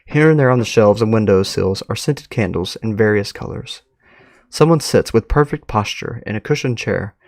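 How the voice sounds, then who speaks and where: A man streaming live, reading an online story aloud and reacting with frequent laughs and excited remarks. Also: fairly low pitch, normal speed, dry recording, studio quality.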